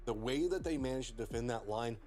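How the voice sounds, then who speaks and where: A man analysing esports matches on a live panel. He talks very fast in long, analytical runs, with a mid-range voice. Faint music runs beneath him. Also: mid-range voice, darkish tone. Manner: rapid, analytical breakdowns.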